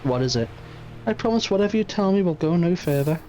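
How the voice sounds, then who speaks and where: A man voicing a composed, curious investigator in a game reading, asking polite measured questions. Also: high-pitched, lively intonation, warm tone, voice pushed up. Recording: muffled stream audio, faint music.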